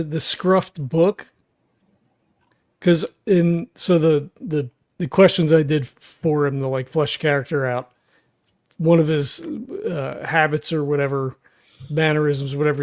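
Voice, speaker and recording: Halting, slightly high-voiced man player. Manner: thinks aloud in halting, stop-start phrases. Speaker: tabletop game player. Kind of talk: casual chat.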